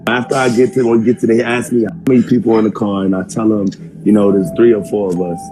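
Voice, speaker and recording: A man's voice: on the low side, little pitch movement, quick pace, mellow, rough recording. Man rambling through a story over music. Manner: rambling, repeats himself, acts out other people's lines. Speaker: guest telling a story. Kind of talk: casual podcast storytelling.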